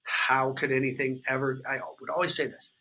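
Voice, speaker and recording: A man's voice: medium pitch, flat delivery, fairly quick, sharp tone, slight background noise, rough recording. A man, candidly telling his recovery story in an interview, swearing freely and filling with "like" and "um". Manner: raw, unfiltered, swears freely, many fillers like "like" and "um".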